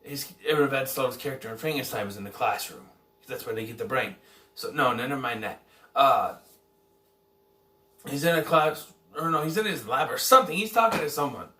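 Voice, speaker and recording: A man casually reviewing a film, rambling and correcting himself as he goes. His voice is bright and forward. He sounds set back from the mic in an echoey room. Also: mid-range voice, lively intonation, fairly quick, distant mic. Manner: rambling, self-correcting, unsure of details. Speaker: movie reviewer.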